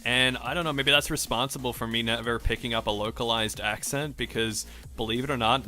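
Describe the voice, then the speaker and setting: A man's voice: medium pitch, steady tone, brisk, hardly any pauses, pushed and bright, faint music behind. A man from Australia rambling in a casual rant over gameplay, with strongly emphasized R sounds and a self-questioning way of talking. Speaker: gaming vlogger.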